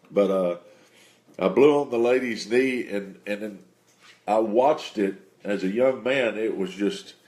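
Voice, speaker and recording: Man, lowish voice, testimony storyteller; unhurried, halting delivery full of fillers. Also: a little mellow. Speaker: preacher telling a testimony. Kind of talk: personal faith testimony.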